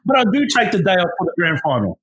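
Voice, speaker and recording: An Australian man co-hosting a podcast, insistent and quick to jump in during casual chat. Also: high voice, huge pitch swings, fairly bright tone. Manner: quick, insistent, keeps interjecting. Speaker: podcast co-host.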